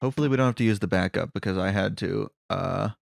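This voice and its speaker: A man's voice: low-pitched, fast, creaky, no room sound, clean studio sound. A man chatting casually while playing a video game, rambling and restarting his sentences. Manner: rambling with lots of fillers and restarts. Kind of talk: casual gameplay commentary.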